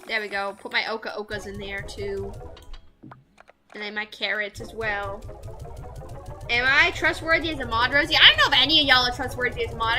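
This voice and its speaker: A woman's voice: fairly high pitch, bright, forceful tone. A young woman streaming a game, chatting to her viewers in a rambling way with lots of fillers. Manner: rambling, talks to chat with many fillers. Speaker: VTuber streamer. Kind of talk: casual live-stream chat while gaming.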